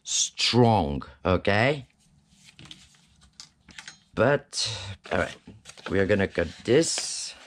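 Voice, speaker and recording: A man with a lowish voice walks the viewer through a craft project at an unhurried, easygoing pace. He keeps tossing in "right?" and "okay?" to check that the viewer is following. His tone stays chatty and reassuring while he works with his hands. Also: a little hiss or hum. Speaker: craft tutorial host. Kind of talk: casual step-by-step craft tutorial.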